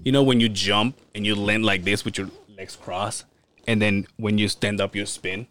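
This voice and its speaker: A man co-hosting a podcast, telling stories in an animated, profane way and laughing often. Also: fairly low pitch, moderate pace. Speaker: podcast co-host. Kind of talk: casual storytelling chat.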